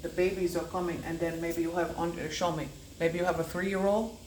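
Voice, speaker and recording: A woman's voice: level tone, a little fast, slight background noise. Rambling psychic woman in an echoey room. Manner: rambling, repeats words in chanting bursts; swings between low murmurs and loud declarations. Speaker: psychic oracle card reader. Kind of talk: channelled oracle card reading.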